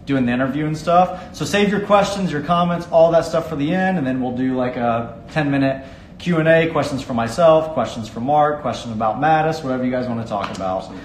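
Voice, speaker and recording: A man hosting a casual live-streamed interview, upbeat and joking. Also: on the high side. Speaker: host. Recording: echoey room with faint noise.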